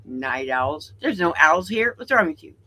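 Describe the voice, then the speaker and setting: A man's voice: a little high, sing-song, moderate pace, sharp tone. A man co-hosting a casual livestream chat, dry and brief in his remarks.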